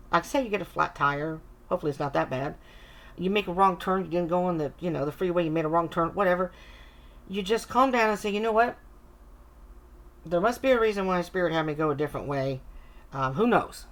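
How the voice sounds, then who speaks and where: A middle-aged woman with a somewhat low voice talks through a tarot reading to camera. She is chatty and reassuring and keeps breaking off mid-thought to correct herself. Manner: chatty, reassuring, self-interrupting. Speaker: tarot reader.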